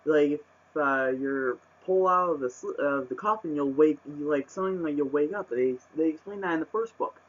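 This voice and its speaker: A man's voice: a little high, normal speed. Rambling man on a muffled webcam. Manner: rambling, lots of fillers and restarts; exasperated rants. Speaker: book reviewer. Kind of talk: casual book review vlog. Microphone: webcam microphone.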